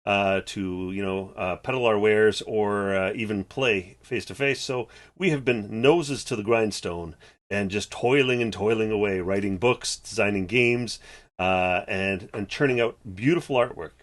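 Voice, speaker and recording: A man talking as a guest in a casual chat, pitching his company's new books with enthusiasm. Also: measured pace. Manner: enthusiastic pitching, many fillers. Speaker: game publisher guest.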